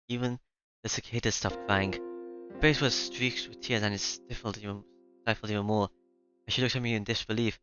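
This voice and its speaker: A man's voice: lowish voice, steady tone, normal speed, fairly bright tone, dull audio, soft background music. A man reading a visual novel aloud, hesitant and correcting himself as he goes. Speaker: reader.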